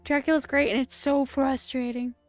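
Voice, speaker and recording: Over soft background music, a woman gives casual live commentary on a movie watch-along stream, rambling into asides and interrupting herself. Her high voice keeps a level tone at normal speed, and her streaming setup picks up no room sound.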